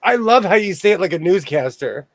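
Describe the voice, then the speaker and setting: Joking man with a higher voice. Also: animated. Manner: joking, quick to laugh. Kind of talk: casual chat.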